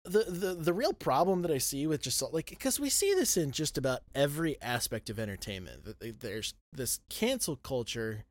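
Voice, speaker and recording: Laid-back guy on a podcast, swears a lot, laughs mid-sentence, normal pitch. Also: very animated, normal speed, few pauses, no room sound. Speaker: podcast co-host. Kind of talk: casual chat.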